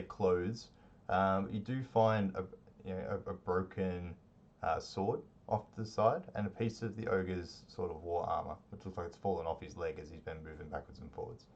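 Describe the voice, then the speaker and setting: A man narrates a tabletop game as game master, loose and rambling, with plenty of ums and restarts. His voice sits low. The stream audio is dull and lo-fi. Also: moderate pace. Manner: relaxed, rambling narration with many fillers.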